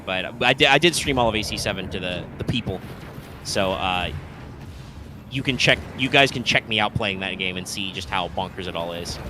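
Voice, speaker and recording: A man's voice: lowish voice, noisy background. A man co-hosting a live gaming stream, chatting casually and rambling with lots of fillers, restarts and swearing. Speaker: co-host.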